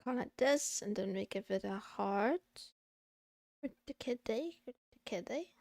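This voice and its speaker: A woman's voice: fairly high pitch, lively intonation, measured pace, vocal fry, darkish tone, dry recording, clean studio sound. A woman VTuber streamer in casual livestream chatter while studying, muttering to herself and slipping in playful meows and silly sounds.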